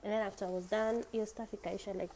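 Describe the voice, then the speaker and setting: A woman's voice: mid-range voice, steady tone, quick pace, warm tone, slight background noise, low-quality recording. A young woman with a Kenyan accent, hosting a podcast and telling a story in a chatty way. She mixes English with Swahili slang and laughs often. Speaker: podcast host. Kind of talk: casual storytelling.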